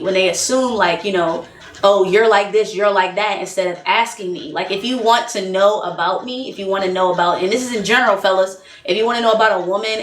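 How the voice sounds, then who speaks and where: A young woman telling a story to camera in a casual vlog, animated and talkative, acting out both sides of a phone call. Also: medium pitch. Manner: animated, quotes both sides of a phone call, frequent "you know what I mean". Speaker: vlogger. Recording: echoey room.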